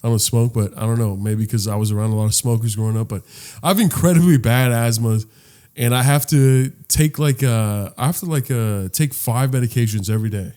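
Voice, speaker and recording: A man's voice: medium pitch, a little fast, smooth. Man telling stories on a comedy podcast. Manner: animated storyteller who acts out quotes and laughs often. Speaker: podcast co-host. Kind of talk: casual comedic chat.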